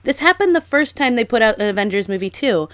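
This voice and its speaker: A young woman co-hosting a casual podcast, talking in an animated, exasperated way with lots of "like". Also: a little high, fast, clear, resonant tone, no echo, clean studio sound. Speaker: podcast co-host. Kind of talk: casual chat.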